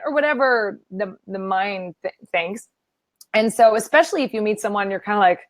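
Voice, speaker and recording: A woman's voice: a little high, moderate pace, no room sound. A woman guest, a yoga teacher, chatting casually and playfully acting out her own inner voice. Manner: animated, self-deprecating, acts out her inner voice. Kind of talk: casual interview chat.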